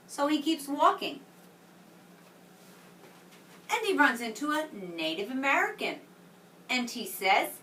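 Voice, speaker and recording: A woman teaching a reading lesson to young children, speaking slowly and clearly in an encouraging way, in an echoey room with the mic at a distance and a faint hum behind her. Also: fairly high pitch, very animated, a bit bright. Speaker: kindergarten teacher.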